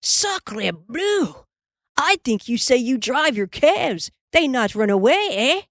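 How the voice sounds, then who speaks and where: A woman's voice: on the low side, huge pitch swings, drawn-out words, bright, forceful tone, no echo, clean studio sound, full character voice. A woman voicing a teasing bigger boy who sneers and speaks broken English, in a storybook reading. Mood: indignant.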